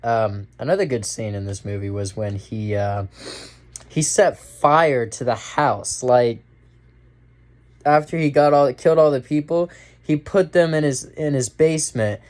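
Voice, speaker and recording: A man's voice: medium pitch, unhurried, darkish tone. Young male vlogger, casual film review, rambly delivery with lots of "like" and "um". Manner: rambling, many fillers and restarts. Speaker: movie reviewer.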